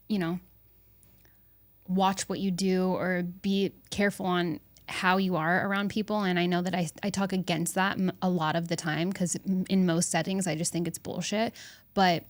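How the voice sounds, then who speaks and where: A young adult woman hosting a solo podcast, talking candidly and bluntly with some swearing, pausing and restarting as she reflects. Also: fairly low pitch, level tone, no echo. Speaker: podcast host.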